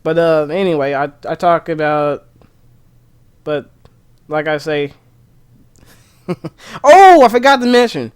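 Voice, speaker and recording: Man, streamer, casual rambling chat, excitable, slightly high voice. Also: slow pace, long pauses, clean tone. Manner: rambling, excitable, with frequent restarts. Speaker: gaming streamer.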